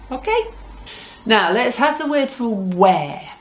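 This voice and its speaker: Slow, patient woman teaching Spanish. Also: on the high side, sing-song. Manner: patient, repeats words for learners. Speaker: language teacher. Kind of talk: slow, deliberate Spanish lesson.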